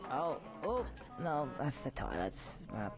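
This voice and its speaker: A man's voice: a little high, wildly swooping pitch, takes it slowly, full character voice. An actor playing a cheeky young male squirrel who rambles through a story and mumbles groggily after drinking, in a video game. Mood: tipsy. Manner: chatty storyteller, slurring and groggy when drunk. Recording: game audio with music behind.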